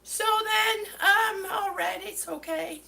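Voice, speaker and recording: A woman's voice: very high-pitched, takes it slowly, gravelly, sharp tone, a little hiss or hum. A woman telling an exasperated story to her viewers, stumbling over her words and short of breath. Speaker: vlogger. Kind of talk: ranting story to camera.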